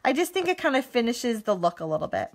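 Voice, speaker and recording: A chatty woman in her thirties leads a live card-making demo from her home craft room, giggling often as she answers comments. Her fairly high voice swings up and down with lots of lively movement. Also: fast.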